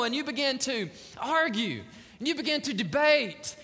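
A male preacher delivers an impassioned sermon with a high, bright, forceful voice. He speaks with urgency and fervor, as if he can't wait to share his message. Long reverb from a large sanctuary trails behind every phrase. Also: animated, moderate pace. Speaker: pastor.

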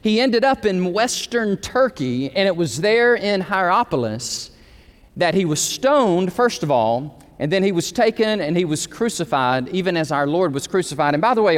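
Lively pastor, higher male voice, preaching in a reverberant sanctuary. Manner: animated, storytelling with quoted dialogue. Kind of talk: sermon. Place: church sanctuary.

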